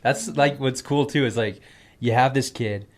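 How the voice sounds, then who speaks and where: A man's voice: medium pitch, moderate pace. A man in his thirties, a father, talking casually and joking about his kids on a podcast. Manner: relaxed and joking, laughs easily. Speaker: podcast co-host or guest, father. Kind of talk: casual chat.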